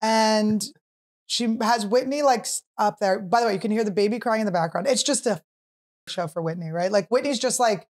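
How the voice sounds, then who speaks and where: A woman in her thirties hosting a podcast, telling a story in casual chat, animated and full of "like" fillers. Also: medium pitch, brisk. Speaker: podcast host.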